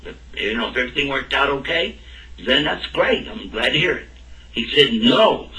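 Male storyteller, bright, voices every character, echoey room. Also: mid-range voice, normal speed. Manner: animated, acts out both sides of the dialogue. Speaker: speaker telling a personal story. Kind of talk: anecdotal storytelling talk. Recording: roomy and distant from the mic.

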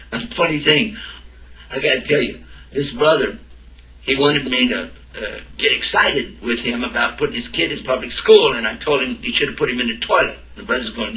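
Male storyteller, bright, voices every character, echoey room. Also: mid-range voice, fairly quick. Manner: animated, acts out both sides of the dialogue. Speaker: speaker telling a personal story. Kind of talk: anecdotal storytelling talk. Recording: roomy and distant from the mic.

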